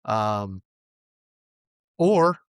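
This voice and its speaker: A man's voice: lowish voice, sing-song, drawn-out words, smooth, no echo, clean studio sound. A man hosting a faith podcast, closing an interview by encouraging his listeners. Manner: warm, encouraging, addresses his audience. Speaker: podcast host. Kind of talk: casual interview wrap-up.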